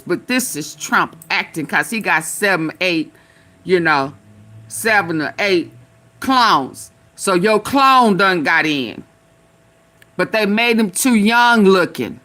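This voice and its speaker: A woman's voice: mid-range voice, pushed and bright. A woman hosting a casual live stream, talking back at video clips with sassy, loose slang.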